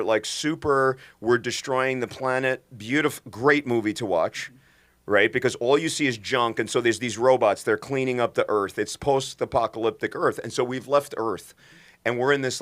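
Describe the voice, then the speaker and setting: A man's voice: medium pitch, a bit bright. A middle-aged man co-hosting a podcast as a doctor, talking earnestly and emphatically with many restarts. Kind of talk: impassioned podcast talk.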